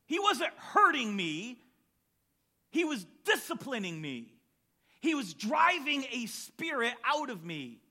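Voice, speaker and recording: A man preaching a sermon as a pastor, emphatic and building to shouts on key lines. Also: extremely high pitch, sing-song, slow.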